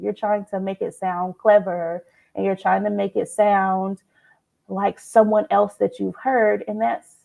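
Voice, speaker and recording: A woman's voice: mid-range voice, measured pace, vocal fry, poor audio. A woman copywriter, telling stories animatedly as a guest in a casual chat. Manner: animated storytelling.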